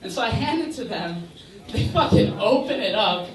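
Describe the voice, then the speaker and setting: On a bar comedy stage, a young man with a high-pitched, expressive voice delivers a rambling stand-up set at moderate pace, heavy on filler words. The recording is echoey, with a distant mic and crowd noise.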